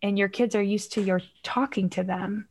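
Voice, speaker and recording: A woman's voice: medium pitch, steady tone, moderate pace, darkish tone. A middle-aged woman talking as a podcast guest, explaining parenting and emotions in a reflective way and acting out examples. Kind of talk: casual podcast conversation.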